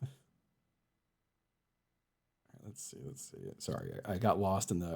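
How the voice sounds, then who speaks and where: Gravelly low-voiced man streaming casually. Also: sing-song, measured pace, a little mellow. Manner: chatty, talks sweetly to his cats in a high baby voice. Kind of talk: casual live-stream chat. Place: home room. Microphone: desk microphone.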